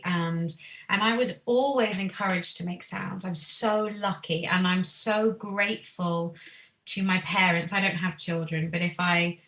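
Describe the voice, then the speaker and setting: A woman who is a singer and singing teacher talks as a podcast guest about her voice and growing up in a reflective interview chat. She is earnest and thoughtful, growing animated when quoting herself. Her voice is on the low side, reverberant, and picked up by a distant mic.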